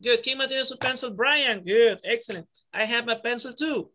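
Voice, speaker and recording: A woman's voice: a little high, normal speed, fairly bright tone, slight background noise. A woman English teacher from Peru with a Peruvian Spanish accent, leading an online class for young children with upbeat praise and word drills. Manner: upbeat, praising, counting students in and drilling words. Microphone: video call.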